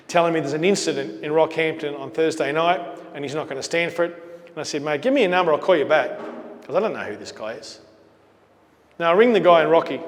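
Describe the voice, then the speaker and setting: A middle-aged man with an Australian accent telling a business story to an audience as a keynote speaker, acting out the dialogue of the people in it. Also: a little high. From Queensland, Australia. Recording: long hall reverb.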